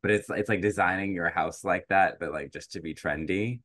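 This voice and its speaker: A man with a very low voice co-hosts a podcast in easygoing chat. He rambles, restarting thoughts and filling gaps with "like" and "uh." The sound is dry and close. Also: moderate pace, a bit bright, no echo. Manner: rambling, many fillers and restarts. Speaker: podcast co-host. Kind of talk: casual chat.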